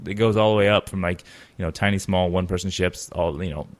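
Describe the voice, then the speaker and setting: Deep-voiced rambling podcast host, a man. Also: steady tone, quick pace. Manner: rambling, many fillers and restarts. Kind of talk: casual podcast chat.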